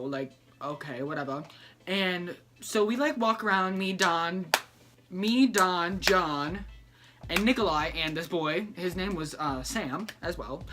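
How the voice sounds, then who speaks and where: A man's voice: high voice, sharp tone. A young man telling a story in a casual vlog, sassy and dramatic, acting out each person he quotes.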